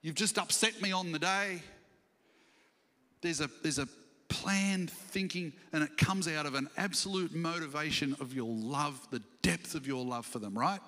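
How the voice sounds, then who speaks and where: A man preaching a sermon as senior pastor, animated and questioning the congregation, acting out scripture stories. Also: a little high, normal speed. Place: church hall. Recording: church livestream with long hall reverb.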